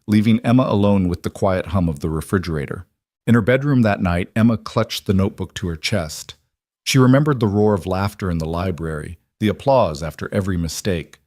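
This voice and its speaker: Steady male storyteller, low-pitched, dry close recording. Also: dry recording. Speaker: narrator. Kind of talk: scripted story narration.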